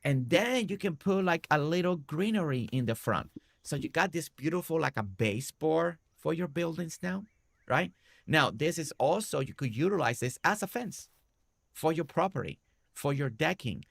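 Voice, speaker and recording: Gravelly-voiced man explaining a game build. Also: fairly high pitch, expressive, moderate pace, dry recording, clean studio sound. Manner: explains step by step, often adding "right?". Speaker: game streamer. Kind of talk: casual building tutorial commentary.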